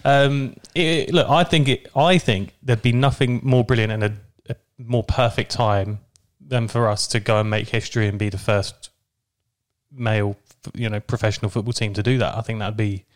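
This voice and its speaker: A man hosting a casual football podcast, relaxed as he leads the discussion. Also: lowish voice, moderate pace. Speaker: podcast host.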